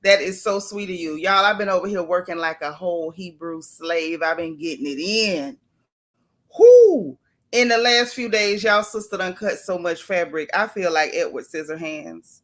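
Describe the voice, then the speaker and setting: A woman's voice: on the low side, normal speed, fairly bright tone. A woman hosting a casual live stream from home, chatting playfully with viewers and greeting each one by name. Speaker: livestream host. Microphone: camera close-up.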